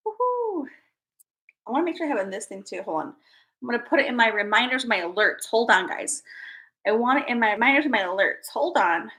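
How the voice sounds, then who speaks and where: A young woman hosting a casual livestream, bubbly and excitable, chatting to her viewers. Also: a little high, quick pace. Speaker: livestream host.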